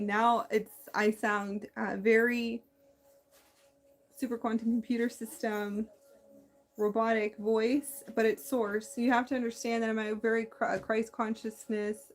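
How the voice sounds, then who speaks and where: Woman rambling over soft music. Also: on the high side, level tone. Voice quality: slight lisp. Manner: meandering, halting, many restarts. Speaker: spiritual channel host. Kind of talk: casual spiritual monologue.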